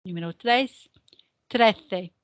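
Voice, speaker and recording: Slow, patient English woman teaching Spanish. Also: medium pitch, no echo. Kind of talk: recorded classroom lesson.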